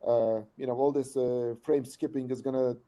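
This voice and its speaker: A man presenting a demo on a video call, speaking haltingly with many fillers. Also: medium pitch, steady tone, dark tone. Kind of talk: technical discussion.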